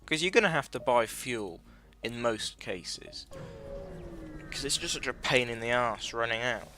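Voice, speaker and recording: Very bright-voiced man rambling over gameplay. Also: medium pitch, expressive, measured pace, slight background noise. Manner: rambling, chatty, sweary, self-correcting. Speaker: gaming video host. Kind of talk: casual gameplay commentary.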